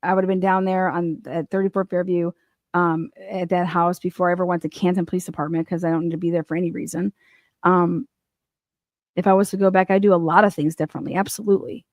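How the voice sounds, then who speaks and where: A woman's voice: lowish voice, flat delivery, quick pace, darkish tone, no room sound, clean studio sound. A woman hosting a casual commentary show, reacting to news clips in a blunt, profane and mocking way. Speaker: host.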